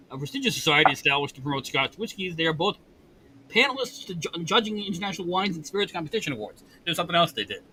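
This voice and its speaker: Lively high-voiced man chatting over whiskey. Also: a little hiss or hum, poor audio. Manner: animated, laughs often, reads labels aloud. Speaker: whiskey lounge host. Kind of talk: casual tasting chat.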